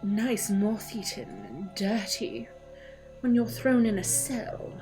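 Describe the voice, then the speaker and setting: A haughty priestess and Pharaoh's daughter, played by a woman, issues commands with imperious pride. Her pitch stays in the middle. Music plays clearly behind her. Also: takes it slowly, lightly acted. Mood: threatening. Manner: proud, commanding.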